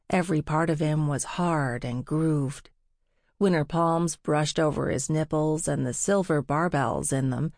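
A woman reading a novel aloud as narrator, in a measured, unhurried way. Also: low-pitched, darkish tone, no echo, clean studio sound. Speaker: audiobook narrator. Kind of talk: scripted narration.

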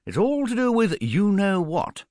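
A man voicing a brisk, knowing older housekeeper who speaks in a confiding way. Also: sits high, sing-song, a little mellow, no room sound, clean studio sound, voice pushed up.

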